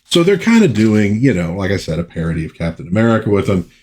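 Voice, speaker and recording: A man's voice: fairly low pitch, big pitch swings, quick pace, darkish tone. A man casually recapping an old comic book issue, chatting about the plot with his own asides.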